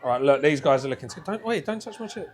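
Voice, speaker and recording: A man's voice: on the high side, animated, fast, a little hiss or hum. A British man hosting a casual food vlog, chatty and upbeat as he talks to camera. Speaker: food vlogger host.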